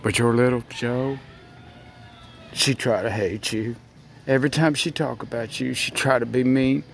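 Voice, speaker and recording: A man giving a rambling, impassioned monologue, speaking straight to his listeners and swinging between loud outbursts and near murmurs. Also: mid-range voice, fairly even intonation, measured pace, gravelly, soft background music.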